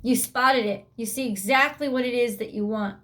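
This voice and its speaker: A woman's voice: a little high, moderate pace, a bit bright. A woman giving a weekly tarot reading, speaking bluntly and emphatically, swearing freely and voicing the listener's thoughts. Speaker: tarot reader.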